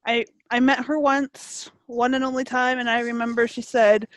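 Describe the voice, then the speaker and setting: A Canadian woman chats away on a podcast, fillers and giggles spilling through her stories. Her voice sits a touch high and the room around her is dry and close. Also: little pitch movement, moderate pace, dry recording. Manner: chatty, laughs often, many fillers. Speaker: podcast co-host. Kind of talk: casual chat.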